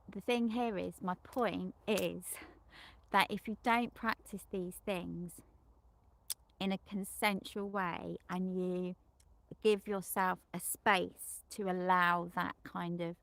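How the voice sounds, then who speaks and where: A woman's voice: lowish voice, creaky, fairly bright tone. A middle-aged woman, a sex therapist, frankly recounting a client session in a loose, rambling way with many restarts. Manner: rambling, frequent restarts and self-corrections; frank and unembarrassed on explicit topics.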